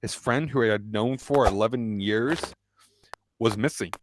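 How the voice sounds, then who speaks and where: Male amateur reader, lowish voice, halting delivery with restarts; noisy home recording. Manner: halting reading with restarts, pushed-up pitch for quoted lines. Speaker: fanfic reader. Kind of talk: reading a fan story aloud.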